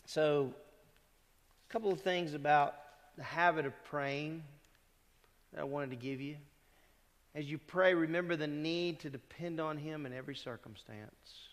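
A pastor preaches a sermon in a reverberant church sanctuary. His voice is fairly high, unhurried and full of pauses, and his conversational style includes questions put to the congregation.

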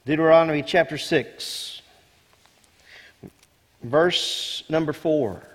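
Man, pastor, sermon, high voice, emphatic, repeats key words, long echoing hall. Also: slow, slightly rough. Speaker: senior pastor.

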